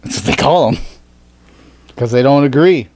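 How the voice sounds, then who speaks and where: A man's voice: mid-range voice, animated, normal speed, a little mellow, no echo. A man hosting a podcast in casual chat, rambling with fillers and plenty of swearing. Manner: rambling, swears often, frequent fillers and restarts. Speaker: podcast host.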